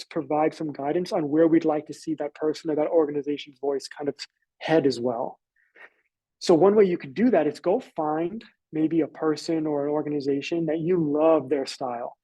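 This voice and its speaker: A man's voice: a little high, dark tone, slightly rough, dry recording, dull audio. Casual American man teaching a webinar. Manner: casual, loose, filler-heavy explaining. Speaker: webinar presenter. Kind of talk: live webinar lesson.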